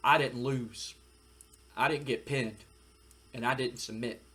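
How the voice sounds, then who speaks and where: A man putting on the voice of a menacing male wrestler who drawls slow threats. The voice sits at an everyday pitch for a man and is unhurried. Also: fairly even intonation, bright, forceful tone. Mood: threatening.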